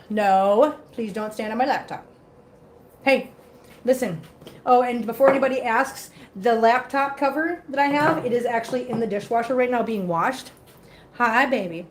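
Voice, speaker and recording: Woman streamer, higher-pitched, chatty, coos at her cats in a home room. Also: a little hiss or hum. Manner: baby-talk to cats, chatty with viewers. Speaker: host of a cat-care livestream. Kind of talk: casual livestream chat.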